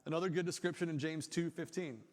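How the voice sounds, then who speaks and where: A man's voice: fairly high pitch, fairly even intonation, fast talker, long reverb tail. A man preaching a sermon as pastor, in a casual, conversational way, acting out quotes in his own voice. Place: church.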